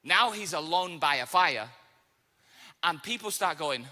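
Male pastor, sermon, bright cutting tone, fairly high pitch, animated storytelling, long hall reverb. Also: a little slow. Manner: animated storytelling, casual asides. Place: church auditorium.

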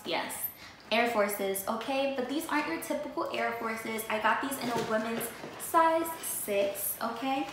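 A young woman with a fairly high voice chats excitedly, addressing her viewers directly as she shows off her sneakers. Her voice rings through a very echoey room. A faint hiss of noise sits under the recording. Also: unhurried. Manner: chatty, animated, talks straight to viewers. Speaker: vlogger. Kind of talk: casual sneaker haul chat.

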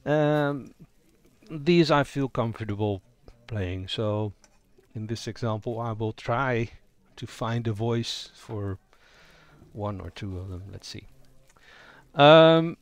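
A man's voice: medium pitch, slow, dry recording. A man giving a casual spoken tutorial on voicing roleplaying characters, thinking aloud and improvising as he goes. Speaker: roleplaying game player explaining character voices.

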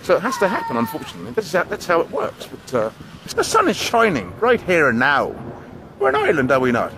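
A man's voice: sits high, huge pitch swings, fast talker, creaky, noisy background. A man hosting a casual vlog outdoors in a park, with a theatrical, sing-song delivery. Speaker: vlogger host.

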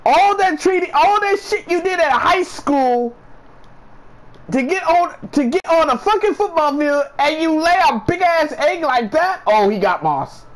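Slow, animated man ranting. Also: extremely high pitch, low-quality recording. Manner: profane, repetitive, incredulous ranting. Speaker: sports vlogger. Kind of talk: ranting casual commentary.

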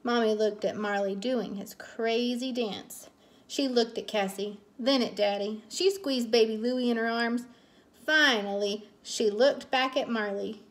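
A woman reads a children's picture book aloud, taking her time with every line. Her voice sits high and bright, and she leans into the story expressively. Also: measured pace. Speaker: read-aloud narrator.

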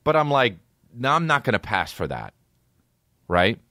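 A man, a podcast host telling stories in a casual, animated way, swearing a lot and acting out voices. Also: mid-range voice, normal speed, dry recording, studio quality. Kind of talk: casual storytelling.

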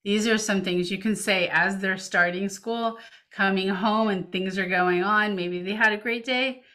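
A woman's voice: mid-range voice, fairly even intonation, a little slow, bright, forceful tone. A woman presenting a parenting webinar over a video call. She coaches parents in a reassuring way and reads questions from the chat aloud. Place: home setup, remote webinar. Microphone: computer mic on video call.

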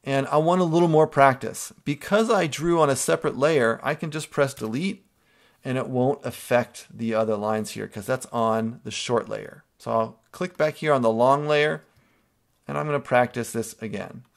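Teacher guy w a gravelly voice walking students thru a drawing tutorial step by step, keeps saying okay?. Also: medium pitch, moderate pace. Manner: step-by-step instructing, checks in with a frequent "okay?". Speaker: art teacher. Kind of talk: screen-recorded drawing tutorial.

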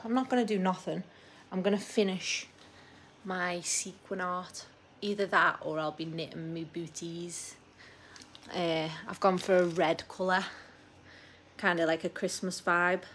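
A woman's voice: fairly low pitch, fairly bright tone, slight background noise. A young woman, a new mum, chatting casually to her vlog camera at home, giggly and dropping the odd mild swear. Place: at home indoors.

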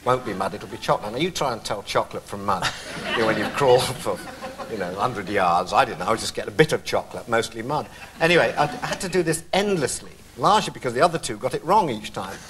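A man who is a talk show guest, telling stories in an animated, self-mocking way and often laughing. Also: mid-range voice, fast, background noise. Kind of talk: anecdotal storytelling on a talk show.

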